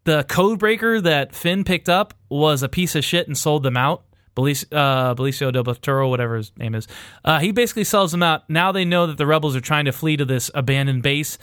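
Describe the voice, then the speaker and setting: A man's voice: a little high, fairly quick, fairly bright tone, dry recording, studio quality. A man recapping a movie in casual, profane podcast chat, rambling and irreverent and laughing as he goes. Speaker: podcast host recapping a film.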